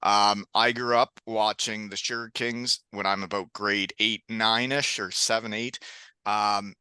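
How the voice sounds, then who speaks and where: A man's voice: on the low side, fairly even intonation, unhurried, sharp tone, clean tone, no echo. A middle-aged man from Canada hosting a podcast, chatty and telling stories with frequent laughs. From Elmira, Ontario, Canada. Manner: chatty, laughs often, storytelling. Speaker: podcast host. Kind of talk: casual chat.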